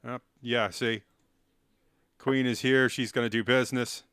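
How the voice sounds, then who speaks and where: Smooth-voiced joking male streamer. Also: medium pitch, flat delivery, measured pace, fairly bright tone, no echo, clean studio sound. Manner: rambling and self-mocking, cracks silly jokes. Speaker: livestreamer. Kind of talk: casual live-stream chat while playing chess.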